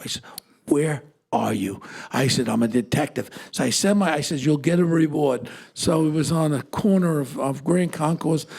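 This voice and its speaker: An older man, co-hosting a podcast and telling a story in an animated way. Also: on the high side, gravelly, breathy edge. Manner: animated storyteller, acts out quoted voices. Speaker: podcast co-host. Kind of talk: casual storytelling chat.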